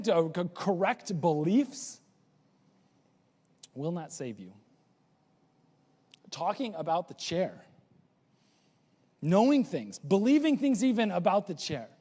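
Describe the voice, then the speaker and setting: A man's voice: sits high, big pitch swings, slow pace, pauses often, darkish tone, slightly rough, big-room sound. A man preaching a sermon as a pastor, in a casual, conversational and joking way.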